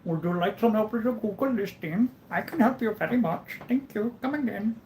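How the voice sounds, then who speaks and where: A man voicing a pushy male phone caller who offers help with a business listing, in a high, sing-song, overly polite voice. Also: brisk, darkish tone, a little hiss or hum. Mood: eager.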